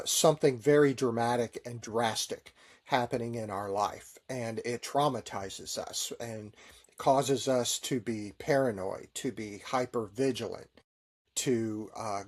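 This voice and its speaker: Middle-aged man telling stories, good-humored. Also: medium pitch. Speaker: Navy chaplain. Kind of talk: storytelling interview answers.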